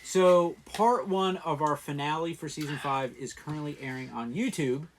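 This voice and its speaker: A man's voice: fairly high pitch, moderate pace, a little hiss or hum. Joking man co-hosting a live stream. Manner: joking, laughs often, restarts. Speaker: co-host. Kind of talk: casual live-stream chat.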